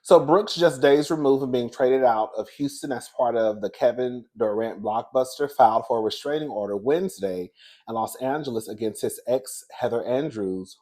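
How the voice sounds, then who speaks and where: A man hosting casual gossip commentary, chatty and animated, calling listeners "girl" and "baby.". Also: medium pitch. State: out of breath. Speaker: commentary host.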